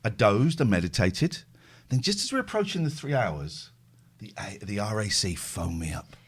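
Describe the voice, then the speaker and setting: Lively man hosting a stream. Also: lowish voice, normal speed, husky. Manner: animated storyteller, acts out phone calls, thanks subscribers. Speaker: host. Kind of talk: casual chat, livestream storytelling.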